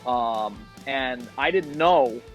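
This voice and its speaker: A man's voice: medium pitch, takes it slowly, faint music behind. Chatty, rambling man from Rhode Island. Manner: rambling, chatty, laughs easily. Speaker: podcast guest. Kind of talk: casual chat.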